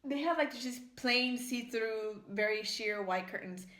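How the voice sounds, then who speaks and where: A woman's voice: on the high side, unhurried, fairly bright tone. A young American woman vlogging at home, eating and chatting in a rambling, filler-heavy storytelling way. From United States. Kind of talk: casual mukbang chat while eating. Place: at home, in the kitchen. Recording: echoey room.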